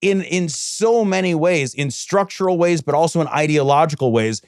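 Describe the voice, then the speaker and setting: A man's voice: on the high side, moderate pace, no room sound, clean studio sound. A man co-hosting a political podcast, speaking emphatically and indignantly, repeating points for stress. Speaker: podcast co-host. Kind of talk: casual political chat.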